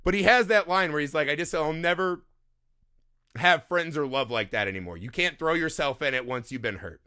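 Bright, animated man telling stories. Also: a little high, fairly quick, clean tone. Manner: animated storyteller, swears freely, laughs often. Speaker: podcast co-host. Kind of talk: casual podcast chat.

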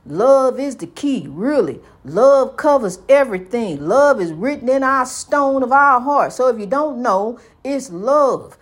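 A woman's voice: high-pitched, lively intonation, a little slow, few pauses. A woman preaching with fervor, repeating her points and calling the listener "honey". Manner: fervent, repetitive, calls listener "honey". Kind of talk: preaching, inspirational monologue.

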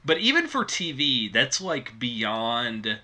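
A man's voice: mid-range voice, big pitch swings, takes it slowly, pushed and bright. A man in casual movie review chat, wry and informative, laughing easily. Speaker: podcast co-host.

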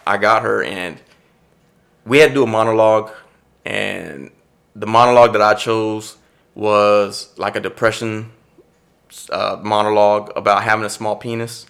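A man's voice: lowish voice, moderate pace, vocal fry, long pauses. A man from East Austin, Texas, a stand-up comedian and actor, telling stories in a casual interview and acting out past conversations. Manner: animated storyteller who acts out past conversations.

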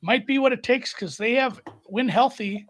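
A man co-hosting a casual sports chat who rambles in an animated way and lets his phrases trail off. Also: very high voice, moderate pace.

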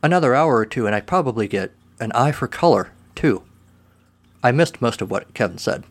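A man's voice: mid-range voice, lively intonation, fairly quick. A man reading a first-person short story aloud in a dry, wry way.

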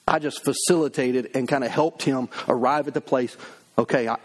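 A man's voice: medium pitch, fairly even intonation, normal speed. A middle-aged man preaching a sermon, emphatic, acting out the voices of people he quotes. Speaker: pastor.

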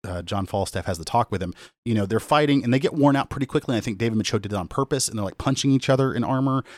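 A man's voice: medium pitch, very fast, a little mellow, no echo, studio quality. A man co-hosting a podcast, chatting casually and enthusiastically with many restarts. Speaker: podcast co-host. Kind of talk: casual chat. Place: podcast studio.

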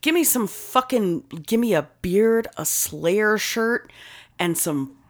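A young woman co-hosting a casual chat, brash and profane, getting loud when worked up. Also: medium pitch, animated, slow. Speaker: podcast co-host.

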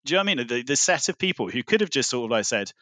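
A man's voice: mid-range voice, very animated, rapid-fire, sharp tone, no room sound. Rambling man telling a story. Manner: rambling storyteller, many fillers. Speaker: podcast guest. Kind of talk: casual chat.

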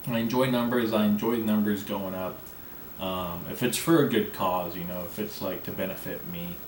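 A man's voice: deep voice, moderate pace. A man hosting his own podcast alone, talking in a rambling, profane, brash way. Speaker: podcast host. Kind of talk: casual solo podcast monologue. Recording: echoey room, mic at a distance, faint background noise.

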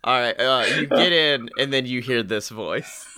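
A man's voice: medium pitch, moderate pace, bright, forceful tone, clean tone. A tired young man co-hosting a podcast, rambling and jokey with casual swearing. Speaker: podcast co-host. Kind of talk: casual chat.

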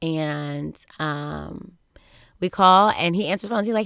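A woman talks into a studio microphone, recounting a family story in a loose, chatty way and slipping into the voices of the people she quotes. Her voice is smooth and clear, sitting a little low for a woman. The sound is dry and close, with no room around it. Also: a little slow, dry recording. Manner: animated, acts out quoted voices, laughs often. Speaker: podcast host. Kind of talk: casual storytelling monologue.

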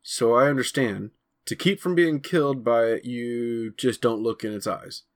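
A man's voice: medium pitch, a little slow, lightly acted. A man doing a skeptical teen boy. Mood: doubtful. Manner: doubtful, questioning. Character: skeptical teenage boy, unimpressed.

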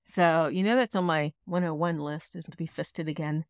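A woman's voice: deep voice, steady tone, moderate pace, no echo, studio quality. A woman co-hosting a casual podcast, talking frankly and laughing often. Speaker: podcast co-host.

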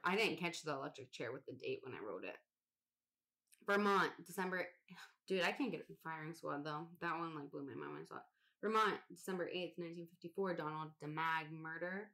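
Lowish voiced woman on a podcast, rattling off a list, casual, swears a bit. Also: a bit bright. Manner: casual, swears, laughs at odd names. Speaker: podcast co-host. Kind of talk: casual podcast chat, reading a list aloud.

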